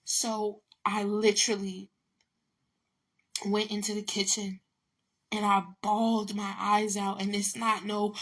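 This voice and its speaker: A woman's voice: mid-range voice, level tone, a little slow, a bit bright. A woman in telling a personal story to camera, blunt and emotional, swearing freely and repeating her words.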